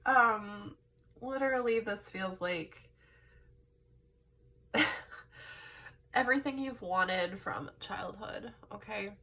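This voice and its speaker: A young woman doing a casual pick-a-card tarot reading, rambling and excitable with many "like"s and "um"s. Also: medium pitch, slow pace, pauses often. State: laugh-crying. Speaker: tarot reader.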